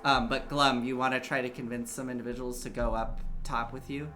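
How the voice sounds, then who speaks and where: A man's voice: mid-range voice, level tone, brisk, bright, forceful tone, soft background music. A man running a tabletop game as game master, narrating in a casual, rambling way with many fillers.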